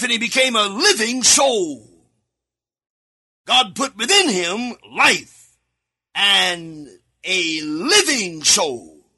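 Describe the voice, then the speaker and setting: A man preaching a sermon alone in a studio, reading scripture aloud and repeating key words, sometimes breaking into shouts. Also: high-pitched, husky. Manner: reads scripture aloud with verse references.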